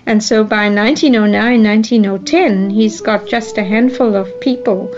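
A woman's voice: mid-range voice, fairly even intonation, normal speed, a little mellow, highs cut off. A woman speaking as a historian in a documentary interview, explaining in a conversational way with many fillers and restarts. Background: music.

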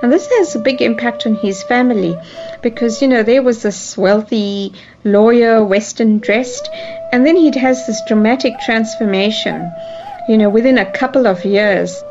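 A woman with a somewhat high voice talks through history in a loose, conversational way, full of "you know" and little restarts. Her voice sounds a bit muffled and dull, with clear music playing underneath. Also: moderate pace. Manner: conversational, with frequent fillers and restarts. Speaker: historian interviewee. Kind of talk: explanatory documentary interview.

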